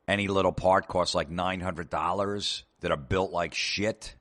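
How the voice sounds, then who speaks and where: Male comic host, very low voice, exasperated profane rant. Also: a bit bright. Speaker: comedian host. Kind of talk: comedic rant.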